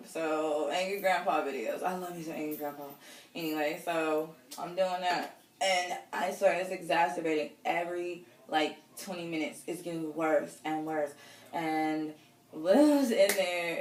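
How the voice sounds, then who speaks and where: A woman in her thirties casually telling a personal story, rambling with lots of fillers. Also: fairly low pitch. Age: 30s. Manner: chatty, rambling, many fillers and laughs. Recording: roomy echo, distant from the mic, faint noise.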